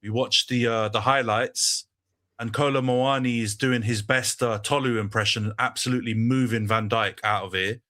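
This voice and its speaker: A man's voice: medium pitch, steady tone, moderate pace, pushed and bright. A man hosting a casual football debate podcast, full of banter, often laughing and calling people "bro". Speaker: podcast host.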